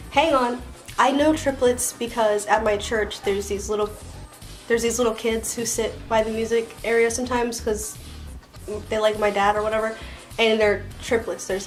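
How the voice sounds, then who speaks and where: A woman's voice: on the high side, poor audio. A young woman with a Floridian American accent, chatting casually through a tag video with lots of "like" and "um". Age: young adult. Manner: chatty and rambling, many "like" and "um" fillers. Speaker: vlogger.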